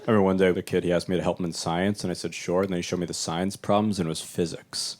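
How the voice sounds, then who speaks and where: A young adult man doing a live stand-up set in a small club, talking loosely and conversationally and jumping into animated voices for the people he quotes. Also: low-pitched, fast talker. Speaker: stand-up comedian.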